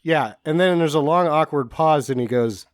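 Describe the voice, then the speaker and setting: A man's voice: on the high side, moderate pace, clean tone, no room sound. A man co-hosting a casual movie-riffing podcast, telling scenes animatedly and quoting characters through laughter. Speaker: podcast co-host.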